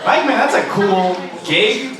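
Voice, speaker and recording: A young man hosting a comedy show, loudly hyping up the audience. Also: high-pitched, animated, a little slow, very noisy. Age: young adult. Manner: loud, hyping the crowd. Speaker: show host. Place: large echoey room, heard from far off. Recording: distant echoey room, loud crowd. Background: loud crowd.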